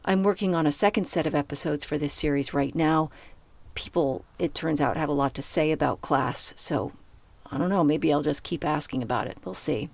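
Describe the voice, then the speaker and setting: A woman hosting a podcast, asking gentle, unhurried interview questions and closing the show. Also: deep voice, vocal fry.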